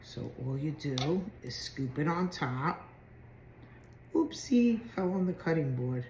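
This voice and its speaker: A woman's voice: low voice, sing-song, takes it slowly, a little mellow, reverberant, a little hiss or hum. A woman walking through a simple recipe step by step in a chatty home cooking video. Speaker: home cook. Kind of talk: casual cooking demonstration.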